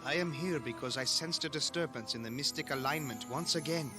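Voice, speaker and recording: A man voicing a solemn mystic guardian of ancient relics in a dubbed cartoon, speaking in a grave, measured way. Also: medium pitch, close to an everyday voice. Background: background music.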